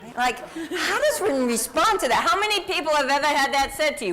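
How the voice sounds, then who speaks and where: A woman's voice: high voice, lively intonation, normal speed, a bit bright. A woman diversity speaker giving a conversational lecture, often quizzing her audience.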